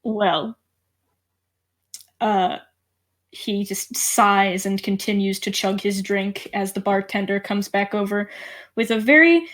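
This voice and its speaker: A woman narrating as game master in a playful, giggly way. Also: mid-range voice.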